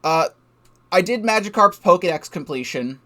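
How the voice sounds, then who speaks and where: A man's voice: high voice, lively intonation, normal speed, bright, forceful tone. A young man giving casual, rambling game commentary from his desk, swearing freely and laughing at himself. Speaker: let's play gamer.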